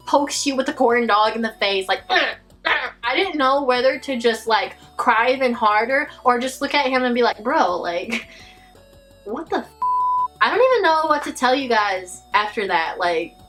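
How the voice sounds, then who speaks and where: A woman vlogger telling a personal story in an animated, dramatic way. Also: high-pitched. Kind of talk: storytime vlog.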